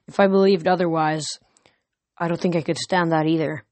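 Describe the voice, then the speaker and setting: A woman's voice: low-pitched, fairly even intonation, fairly quick, darkish tone, no room sound, natural voice. A woman reading the part of a worn-down middle-aged father who sounds tired and resigned, in a dry close recording. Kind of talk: audiobook character reading.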